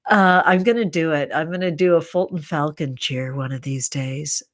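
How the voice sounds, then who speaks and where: A woman hosting a casual live stream, chatting playfully with viewers and slipping into soft whispers and remembered cheers. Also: low voice, moderate pace, no echo, studio quality. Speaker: tarot content creator, live stream host.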